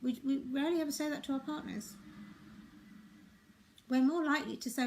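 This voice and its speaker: A middle-aged woman, a relationship and life coach, talking viewers through feelings in a gentle, reassuring way that keeps checking in with them. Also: high-pitched, brisk, pauses often, slight background noise.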